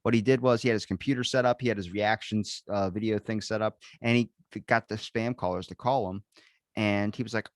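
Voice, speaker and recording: A man telling a long story in casual conversation, acting out every person he quotes and swearing freely. His voice sits on the lower side, and the recording is close and dry, with no room sound. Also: brisk, no echo. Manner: animated storyteller, acts out quotes, swears often. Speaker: podcast guest. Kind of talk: casual chat.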